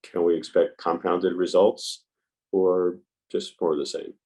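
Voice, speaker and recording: A man's voice: low voice, level tone, a little slow, darkish tone, rough recording. A man hosting a meditation group on a video call, asking thoughtful, hedging questions.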